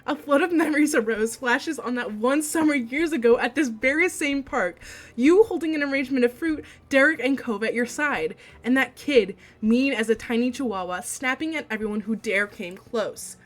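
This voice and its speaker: A woman streamer reading a visual novel aloud, breaking into gushing, excitable outbursts. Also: high voice, normal speed.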